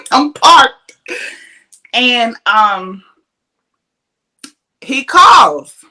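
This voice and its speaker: A woman hosting a podcast, telling a story in an animated, casual way, with plenty of swearing and frequent laughs. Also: on the high side. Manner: animated, profane, laughs often. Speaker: podcast host.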